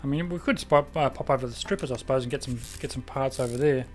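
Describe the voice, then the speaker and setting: Over soft background music, a fast-talking man with a medium-pitched voice and an Australian accent streams a car repair game. Hailing from South Australia, he keeps up chatty gameplay commentary, rambling a bit and drifting off his train of thought.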